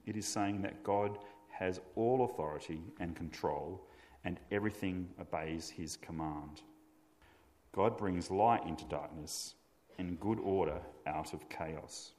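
Male preacher, deep register, deliberate and emphatic, echoing sanctuary. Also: a little mellow. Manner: measured, emphatic preaching delivery. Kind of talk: sermon.

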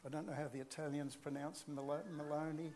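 High-voiced man preaching a sermon. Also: flat delivery, fast talker, a little mellow, slight background noise. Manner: earnest, emphatic preaching with chatty asides.

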